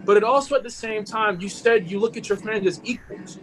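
Podcast host guy, high bright voice, chatty and laughy, faint hiss behind. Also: brisk, poor audio. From Maryland. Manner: laughs easily, relaxed and chatty. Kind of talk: casual interview chat. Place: at home.

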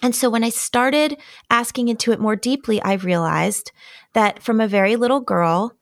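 A woman's voice: fairly high pitch, normal speed, dry recording, studio quality. A middle-aged woman, a guest in a conversation, telling a personal story in an earnest, candid and emotionally open way. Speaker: podcast guest.

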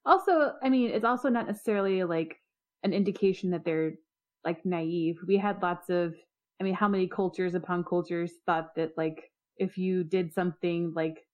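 A woman co-hosting a podcast, making quick joking asides in a casual chat. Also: fairly low pitch, muffled recording. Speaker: podcast co-host.

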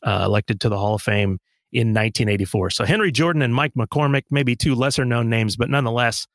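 A man co-hosting a casual sports podcast, talking in a conversational way with filler pauses and dry jokes. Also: medium pitch, dry recording. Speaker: podcast co-host.

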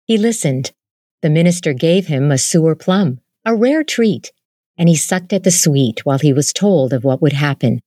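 Woman with a low voice reading a story aloud, calm and measured, dry close sound. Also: no echo. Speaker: narrator. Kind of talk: scripted storybook narration.

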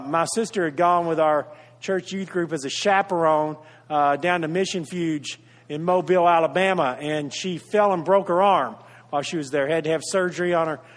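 High-voiced man preaching in an echoing hall. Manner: animated preaching, swings between raised emphatic lines and hushed tender ones. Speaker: pastor. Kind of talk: sermon.

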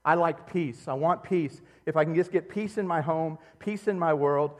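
A middle-aged male pastor delivering an animated sermon, his voice rising to loud emphatic peaks and then dropping low and close. The sound carries a long reverb, as if heard in a large church hall through a stage microphone. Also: a little fast, few pauses. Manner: animated preaching, swinging between loud outbursts and quiet, low intimacy.

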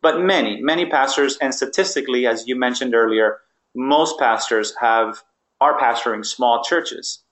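A man's voice: medium pitch, moderate pace, a bit bright. Male interview host, affirming, paraphrases guest, roomy echo. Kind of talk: conversational interview.

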